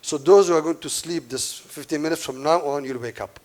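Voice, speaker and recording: A man's voice: on the high side, fairly quick, darkish tone. A man giving a conference keynote to a live audience, emphatic and repeating his key points, with asides to the crowd. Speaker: keynote speaker.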